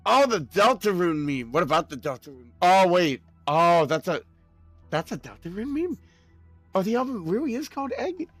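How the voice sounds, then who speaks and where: A young man streaming a game, chatting casually with his audience in an excitable, rambling way with quick laughs. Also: high voice, faint music behind. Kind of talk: casual live-stream chat while gaming.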